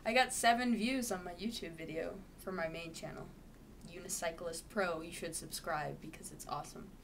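A young woman vlogging casually to camera, chatty and playful, now and then breaking into loud sing-song bits. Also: on the low side, normal speed, a little hiss or hum. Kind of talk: casual vlog chat.

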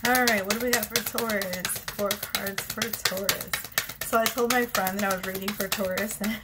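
A woman's voice: fairly high pitch, very noisy. A young woman chatting casually at home while giving a tarot reading, often breaking into giggles. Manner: giggly, chatty, self-interrupting. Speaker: tarot reader.

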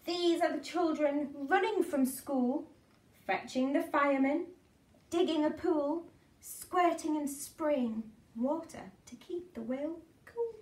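A woman's voice: sits high, takes it slowly, darkish tone, distant mic. A woman reading a picture book aloud to small children in a sing-song way, with playful asides. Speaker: children's storyteller. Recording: echoey room, away from mic.

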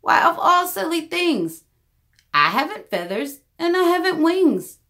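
A big, kindly, faithful elephant, voiced by a woman reading aloud speaks in an earnest, patient way. The voice moves a lot in pitch, as in a storybook read-aloud. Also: big pitch swings, unhurried, bright, forceful tone, exaggerated voice. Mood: astonished.

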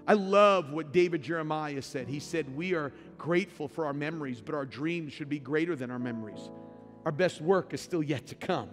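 A man's voice: a little high, normal speed. Emphatic male pastor in a reverberant hall. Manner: emphatic, swings from quiet asides to loud shouted peaks. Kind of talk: sermon. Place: large church sanctuary. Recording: reverberant large hall with music behind.

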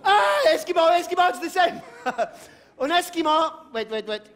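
Frantic high-pitched clowning comedian man. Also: expressive, moderate pace, a faint crowd. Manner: frantic, shouting, stammering, cackling; mixes broken French into English. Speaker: stand-up comedian. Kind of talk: manic clowning stage comedy. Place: theater stage before a live audience. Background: audience laughter.

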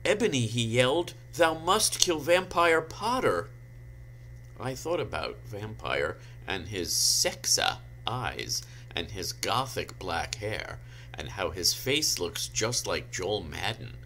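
A man giving a comic dramatic reading, slow and deadpan, dropping in dry asides, over a home video call mic. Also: low voice, a little hiss or hum. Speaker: guest reader.

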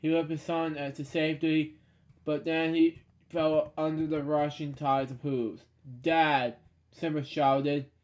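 Man, bedtime storybook reading, slow, stumbling, deadpan sarcastic asides. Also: on the high side. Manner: halting, stumbling over words. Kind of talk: reading a children's storybook aloud.

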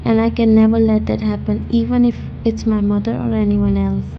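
A woman reading the lines of a protective young mafia husband in a fan-fiction story, in an earnest, steady voice. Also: high-pitched, brisk, creaky, lo-fi sound, a little hiss or hum. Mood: firm.

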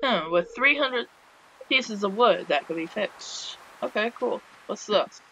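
Slow, wry woman playing a game. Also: mid-range voice, lively intonation, a bit bright. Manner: wry, chatty, joking asides. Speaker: game player. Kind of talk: casual let's-play commentary. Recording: dull lo-fi with faint hiss.

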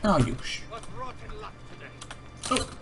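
A man's voice: drawn-out words, fairly bright tone, a little hiss or hum. A man hosting a let's play, commenting live and exclaiming in frustration at the game.

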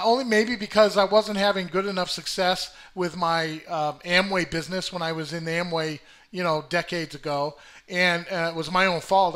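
Older man with a high, peppy motivational voice. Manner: swings between peppy and deliberately flat to demonstrate; talks in fillers and repeated words. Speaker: self-help video host. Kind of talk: casual motivational talk to camera.

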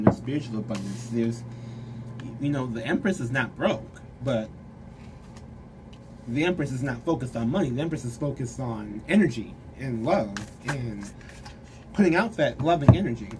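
Casual tarot reader, mid-pitched, loose and rambly, talking frankly to camera. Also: animated, moderate pace, noisy background. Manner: rambling, filler-heavy talk; frank and direct toward the viewer.

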